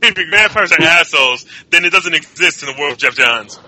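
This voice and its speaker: Quick, very bright, rambling man. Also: fairly high pitch, lively intonation, rough recording. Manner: rambling, puzzled, repetitive. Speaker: podcast co-host. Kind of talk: casual comic book review chat.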